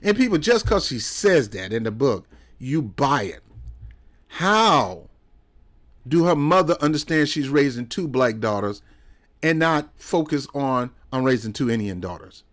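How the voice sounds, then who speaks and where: A man's voice: medium pitch, very animated, unhurried. A man giving casual political commentary in a heated, rambling way, full of sarcastic asides and repeated questions.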